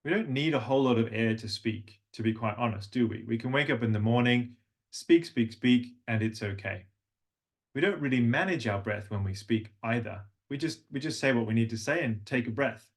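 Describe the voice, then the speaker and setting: Speaking at normal speed with a medium pitch, this middle-aged coach teaches a voice workshop. A faint Australian tinge colors his otherwise neutral accent, and he warmly illustrates points by singing and speaking demonstrations.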